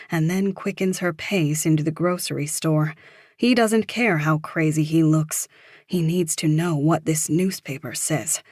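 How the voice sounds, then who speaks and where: Low-voiced woman narrating a thriller. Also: a little mellow, no room sound, studio quality. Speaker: audiobook narrator.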